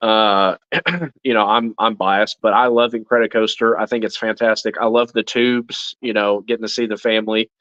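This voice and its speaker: A man's voice: on the low side, fairly even intonation, moderate pace, a bit bright, no echo, lo-fi sound. Man rambling through a trip story. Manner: rambling, many fillers and restarts. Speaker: channel co-host. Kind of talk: casual live-stream chat. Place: at home.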